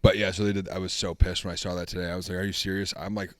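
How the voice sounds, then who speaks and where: A young man trades wry jokes in a relaxed podcast chat. His voice sits fairly low and the sound is dry and close, with no room around it. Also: rapid-fire, no echo. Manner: wry, joking banter. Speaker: podcast co-host. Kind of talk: casual chat.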